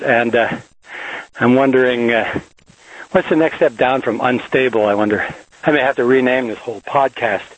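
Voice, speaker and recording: A man's voice: medium pitch, no room sound, rough recording. Rambling joking man with a mid voice. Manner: dry, joking, full of uh fillers. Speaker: locksmith podcaster. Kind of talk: rambling comic monologue. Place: driving a van, then hiking outdoors. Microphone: small handheld digital voice recorder.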